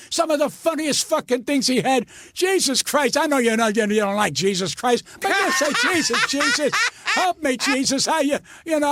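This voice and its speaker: A man's voice: very high-pitched, a bit bright, dry recording. An older man, a comedian guest, telling stories in an indignant, profane, stammering rant. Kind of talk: ranting storytelling.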